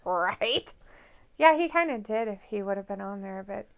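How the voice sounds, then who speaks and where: A woman's voice: medium pitch, expressive. A woman co-hosting a live stream, chatting casually, giggling often and reading viewer comments aloud. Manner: giggly, chatty, quick reactions.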